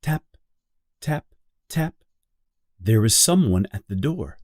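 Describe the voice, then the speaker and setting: Male reader from Brazil, slow deliberate narration, lively pitch, dry sound. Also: dry recording. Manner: clear, deliberate, expressive. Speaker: audiobook reader. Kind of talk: slow graded reader for beginners.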